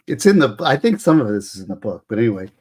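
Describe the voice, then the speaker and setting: Husky man chatting on a livestream. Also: mid-range voice, big pitch swings, fast, darkish tone. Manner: rambling, emotional, explains law. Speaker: livestream host. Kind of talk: casual livestream talk.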